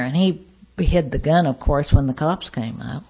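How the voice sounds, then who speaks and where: A low-pitched, slightly rough female voice shares a recovery story at a meeting at normal speed, performing the voices of people in it and veering between loud outbursts and soft asides.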